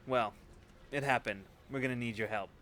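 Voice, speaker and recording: A man's voice: medium pitch, normal speed, fairly bright tone, lightly acted. A man voicing a stern, practical male operative who speaks bluntly and briefly. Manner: terse, blunt.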